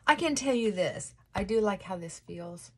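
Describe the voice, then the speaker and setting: Casting: a slightly husky woman for a rambling, chatty makeup vlog, self-interrupting, mid-pitched. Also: animated, moderate pace, a little mellow. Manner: rambling, self-interrupting, with frequent laughs and sighs. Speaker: lifestyle vlogger. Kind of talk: casual get-ready-with-me chat.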